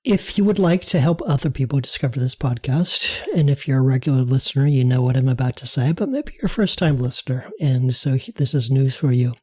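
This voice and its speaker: Mellow, husky-voiced man. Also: mid-range voice, no echo, clean studio sound. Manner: easygoing, self-deprecating. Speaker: podcast co-host. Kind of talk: casual chat and show outro.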